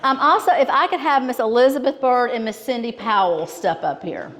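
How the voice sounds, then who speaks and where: A woman's voice: a little high, brisk, crowd noise. A woman with a Georgia Southern accent presenting awards at a banquet, telling a humorous story and often laughing. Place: school banquet hall with an audience. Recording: audience laughter in a hall.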